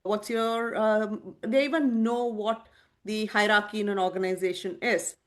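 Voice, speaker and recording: A woman's voice: medium pitch, normal speed. A woman from India with an Indian accent, a tech leader speaking earnestly and animatedly as an interview guest. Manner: earnest and animated, with many restarts. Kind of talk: interview conversation.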